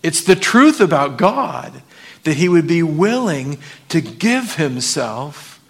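A male pastor preaching at an unhurried, deliberate pace. His voice sits a little high for a man. He reads scripture aloud and puts questions to his listeners. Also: big pitch swings, fairly bright tone. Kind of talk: sermon.

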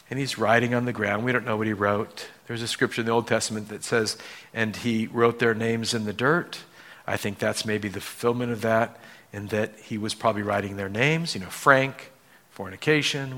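Bright-voiced man preaching a sermon. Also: medium pitch, moderate pace. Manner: expressive, acts out dialogue in voices; moved to emotion while preaching. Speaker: pastor.

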